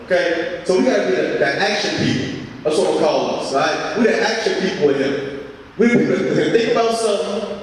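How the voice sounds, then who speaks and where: A man's voice: high voice, animated, a little fast, a little hiss or hum. A young man giving a repetitive, exhorting motivational speech to students. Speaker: student speaker. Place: large hall. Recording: echoey hall from far off.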